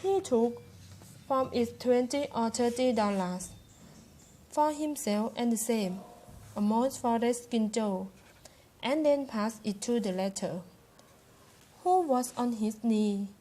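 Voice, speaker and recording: A woman with a Thai accent reading a novel chapter aloud, haltingly, with slips and self-corrections. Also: a little high, warm tone. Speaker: student reader.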